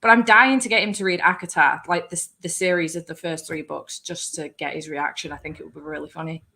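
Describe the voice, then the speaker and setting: A woman hosting a book channel, chatting in a lively way with frequent laughter. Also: low-pitched, fairly quick, gravelly. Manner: animated, laughing, swearing. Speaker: booktube host. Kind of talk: casual chat.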